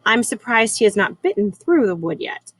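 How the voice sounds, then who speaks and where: A woman's voice: mid-range voice, big pitch swings, a bit bright, slightly rough, low-quality recording. Woman teacher reading a chapter book aloud. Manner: measured, unhurried reading with small slips.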